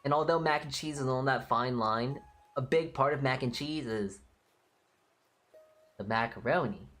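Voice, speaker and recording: Woman, very low pitch, casual live-stream chatter, blunt, swears, opinionated. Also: moderate pace, a bit bright, soft background music.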